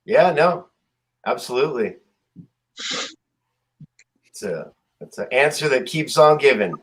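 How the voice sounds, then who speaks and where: A man co-hosting a casual interview, relaxed and agreeable. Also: medium pitch, a little slow. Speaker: co-host.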